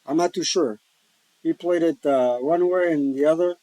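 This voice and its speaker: A man with a slightly high, warm voice talks at a moderate pace through his solo board wargame, jokey and meandering with folksy asides. He serves as both player and host in this casual commentary. The recording is low quality, with no room sound.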